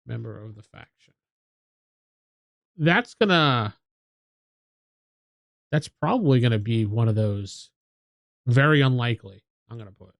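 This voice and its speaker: Man, tabletop game player, slow pace, thinks aloud, dry recording. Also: mid-range voice, expressive, creaky, dry recording. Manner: thinks aloud while rolling and ruling. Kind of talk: casual tabletop game play.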